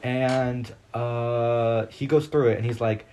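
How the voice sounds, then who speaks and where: An excitable man chats on a casual podcast in a middle-pitched voice. He rambles through his stories and leans on fillers as he goes. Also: slow, a little hiss or hum. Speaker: podcast co-host. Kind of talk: casual chat.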